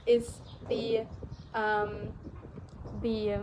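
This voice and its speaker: A woman's voice: on the high side, completely flat delivery, drawn-out words, noisy background. Young German woman, casual chatty talk. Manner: rambling, many fillers. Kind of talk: casual chat.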